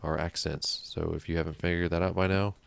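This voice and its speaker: Deep gravelly man narrating gameplay. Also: little pitch movement, brisk. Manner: chatty, thinks aloud, mutters counts under his breath. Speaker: let's play host. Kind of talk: casual gameplay commentary.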